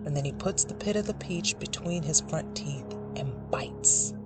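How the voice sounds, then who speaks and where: A narrator reading a dark literary short story in a measured, dramatic way. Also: mid-range voice, loud music behind the voice.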